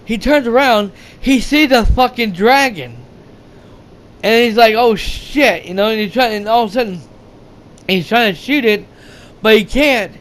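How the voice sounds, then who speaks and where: A man with a high voice recounts a film's plot in a loose, rambling recap. He stumbles through restarts and fillers, swears freely and acts out the characters' lines as he goes. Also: fairly bright tone. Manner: rambling, halting, many fillers and restarts, profane, acts out quotes. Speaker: movie reviewer. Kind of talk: rambling casual movie recap.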